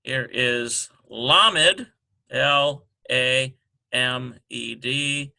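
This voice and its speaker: Slow, gravelly man teaching. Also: mid-range voice, pushed and bright. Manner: slow and halting, sounding out syllables. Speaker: Hebrew teacher. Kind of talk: screen-recorded lesson walkthrough.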